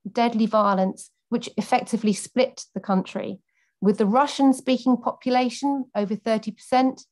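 A woman's voice: on the high side, normal speed, darkish tone. A woman campaigner speaking earnestly, giving a prepared speech and then answering questions off the cuff with many fillers.

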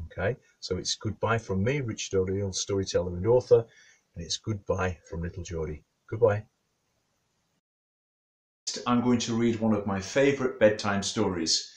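A man's voice: on the low side, husky. A male storyteller and author telling a children's story and reading a bedtime book in a playful way. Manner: lively, playful, talks straight to children.

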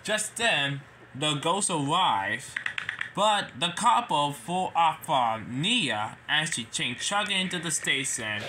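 A man narrating a homemade toy train story, halting with slips and restarts, with faint noise behind. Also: on the high side, expressive.

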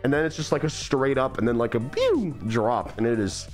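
A man's voice: mid-range voice, sing-song, moderate pace, music in the background. A young man hosting a stream, chatting enthusiastically and rambling with lots of fillers. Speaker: streamer host. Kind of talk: casual stream chat.

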